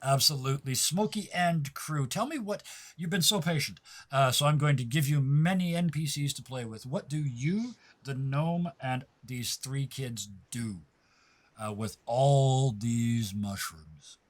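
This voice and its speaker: A man's voice: medium pitch, a little slow. A man narrating as game master of a tabletop game, loose and improvised, often laughing.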